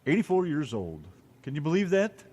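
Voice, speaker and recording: A man's voice: on the high side, wildly swooping pitch, fairly quick, darkish tone, slightly rough. A man with an American accent co-hosting a casual radio show, joking and teasing his co-host.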